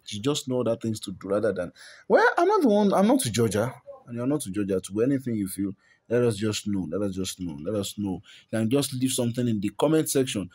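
A man's voice: lowish voice, sing-song, quick pace, darkish tone, slightly rough. A man with a Nigerian accent hosting a celebrity gossip vlog, talking casually, repeating and stumbling over words and chuckling often. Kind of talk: chatty celebrity gossip commentary.

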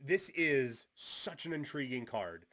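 A man hosts a solo podcast and talks through his predictions in a loose, conversational way. He often stops and restarts his sentences, and his pitch sits in an ordinary middle range for a man. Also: expressive, slow pace, fairly bright tone. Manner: casual, musing, frequent restarts and fillers. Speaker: podcast host. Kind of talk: solo wrestling preview podcast.

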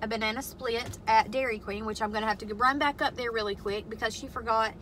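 In a casual venting vlog, a mother films herself in her parked car, profanely and bluntly recounting a family fight. Her voice is a little high, steady, brisk and a bit bright, with poor audio and a little hiss or hum.

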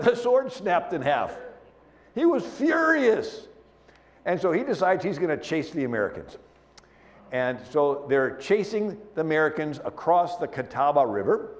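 A man giving a history talk as a guest speaker, telling the events as a lively story with spoken sound effects and frequent "and, uh" fillers. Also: fairly high pitch.

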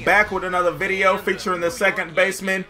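A young man giving jokey, excited commentary over his own baseball video game play, shouting at big plays. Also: high-pitched, fast talker, soft background music. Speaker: gameplay commentator.

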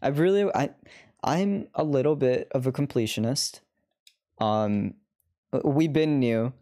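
A woman's voice: extremely low pitch, a little slow, mellow. A woman streamer chatting through live gameplay commentary, laughing often and swearing freely.

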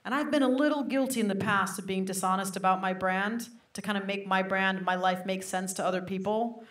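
A woman's voice: mid-range voice, brisk. Self-mocking woman comic in a roomy venue. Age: 30s. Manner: animated, self-mocking storytelling with frequent asides to the crowd. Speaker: stand-up comedian. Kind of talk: stand-up comedy set. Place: comedy venue with a live audience. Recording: roomy live venue recording.

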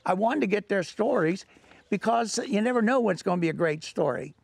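Older male storyteller, high gravelly voice, folksy and rambling. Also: lively intonation, a little fast, no echo. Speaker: author and storyteller. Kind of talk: telling an anecdote.

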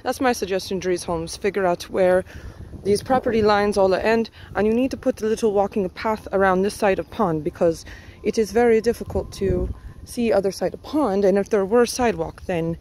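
A woman's voice: mid-range voice, normal speed, darkish tone, slight background noise, rough recording. A woman speaking in a put-on Spanish accent, giving a rambling, casual walking tour outdoors and recording on a handheld phone. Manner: chatty, rambling, thinking aloud with many fillers. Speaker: vlogger giving a neighborhood tour. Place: outdoors, walking around a pond in a housing development.

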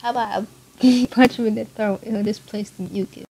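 A goofy, scheming teenage girl voiced by a woman reading a visual novel aloud teases her friend with smug, theatrical flair. The voice sits mellow and a touch gravelly. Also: fairly high pitch, steady tone, normal speed, a little hiss or hum, natural voice, poor audio. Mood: mock-innocent.

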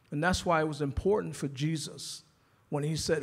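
Husky New pastor preaching. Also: male voice, high voice, moderate pace. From New York. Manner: repetitive rhetorical questions, conversational preaching. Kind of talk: sermon.

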